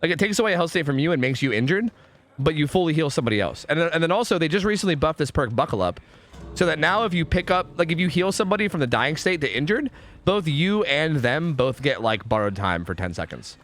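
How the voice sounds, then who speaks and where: Lively young male game streamer. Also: on the high side, quick pace. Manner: rambling, swears a lot, swings between groans and excited outbursts. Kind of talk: live gameplay commentary.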